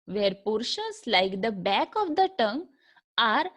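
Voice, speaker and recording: Woman lecturer, Indian accent, fairly high and very animated voice, patient drilling teacher. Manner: patient teacher, repeats and drills sounds slowly. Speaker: English lecturer. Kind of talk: recorded phonetics lecture.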